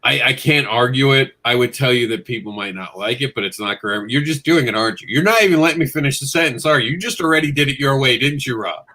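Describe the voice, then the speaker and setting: A man's voice: mid-range voice, fast talker, few pauses. A man who writes comics, talking bluntly and jokingly in a casual panel chat. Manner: blunt, animated, jokey storytelling.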